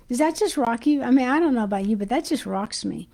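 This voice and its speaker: Warm, excited woman teaching faith. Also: a little high, gravelly, poor audio. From United States. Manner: excited, chatty, pauses to hunt for her notes. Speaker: Christian ministry teacher. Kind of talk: informal livestream teaching.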